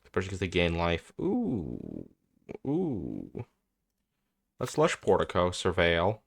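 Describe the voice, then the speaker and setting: A man's voice: low-pitched, wildly swooping pitch, takes it slowly, vocal fry, long pauses, husky. A young man commenting on his own card game match as he plays, thinking aloud, swearing and getting exasperated. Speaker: content creator playing a card game. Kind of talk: gameplay commentary.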